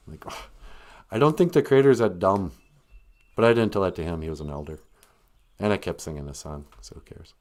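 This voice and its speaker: A man's voice: lowish voice, normal speed, pauses often, darkish tone. A man hosting a casual, comedic live stream, telling stories and teaching words in a jokey way, laughing often.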